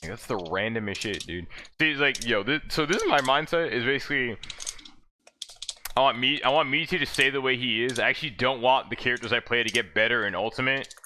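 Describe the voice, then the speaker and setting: Man, gaming streamer, very bright tone, profane laid-back chat, laughing often. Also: medium pitch, brisk, a little hiss or hum.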